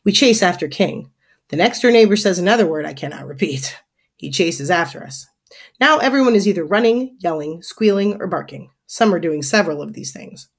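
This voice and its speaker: A woman teacher reading a children's chapter book aloud to her class in an expressive, animated way. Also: lowish voice, brisk, husky.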